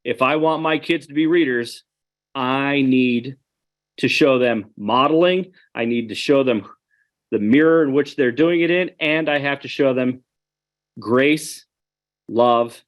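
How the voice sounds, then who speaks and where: A man's voice: medium pitch, slow, pauses often. Earnest man presenting a webinar. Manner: earnest, conversational, addresses audience directly.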